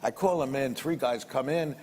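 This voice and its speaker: A man's voice: medium pitch, moderate pace, a little mellow. Blunt older man telling a rambling story. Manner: blunt, rambling, repeats words, mild swearing. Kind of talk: anecdotal storytelling. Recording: roomy reverb with faint background noise.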